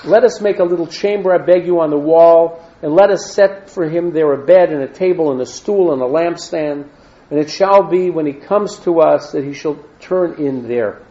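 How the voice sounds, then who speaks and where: A man's voice: a little high, moderate pace, mellow. Man teaching scripture, lo-fi recording. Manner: reads verses then adds plain asides and Hebrew terms. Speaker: Torah teacher. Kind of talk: reading and explaining scripture. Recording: dull lo-fi recording.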